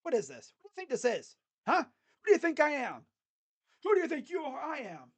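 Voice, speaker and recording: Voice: sits high, huge pitch swings, brisk, pitched above the performer's own voice. A sports fan briefly acting out a defiant basketball big man who taunts an opponent after a block, firing off indignant rhetorical questions. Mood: taunting. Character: defiant male basketball center swatting a shot.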